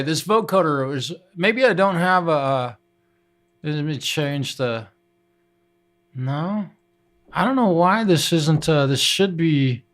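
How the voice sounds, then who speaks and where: A man talks slowly and loosely on a live stream, trailing off and restarting as he works through his music gear. His voice sits in an ordinary middle register, and his delivery is unhurried and hesitant. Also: mid-range voice, a bit bright. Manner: halting, full of fillers and restarts, thinking aloud while troubleshooting. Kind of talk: casual live-stream talk while working.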